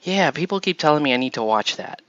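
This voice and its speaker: A man's voice: fairly high pitch, animated, fast, highs cut off, crowd noise. A man hosting a casual chat while assembling miniatures, rambling and chuckling as he trails off and restarts. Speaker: host.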